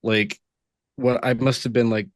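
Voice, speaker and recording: A man co-hosting a casual chat, relaxed and rambling. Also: medium pitch, unhurried, no room sound, studio quality. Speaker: podcast co-host.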